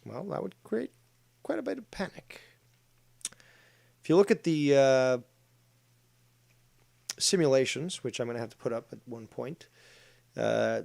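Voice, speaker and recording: A man with a medium-pitched voice delivers crude commentary on clips. He swears freely and turns blunt. His loudness swings between shouted outbursts and low asides. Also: vocal fry.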